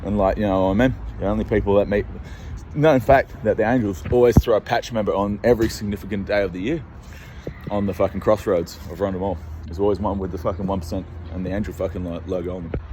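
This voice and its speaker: A man's voice: lowish voice, steady tone, fast, background noise. An Australian man rambling on edge in a monologue, swearing heavily and sounding scared as he paces outdoors. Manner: rambling, agitated, heavy swearing. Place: outdoors on a city street, walking and pacing.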